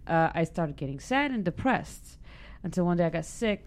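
A woman from Israel, a stand-up comedian chatting in an interview and telling a personal story with lively acted-out quotes. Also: on the low side, normal speed. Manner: animated storyteller, acts out quoted voices, frequent restarts.

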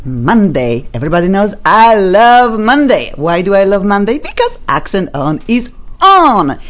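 A woman hosting a talk radio show in a studio, speaking playful non-native English with a lively, animated manner. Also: mid-range voice, a little slow. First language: not English. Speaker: radio host.

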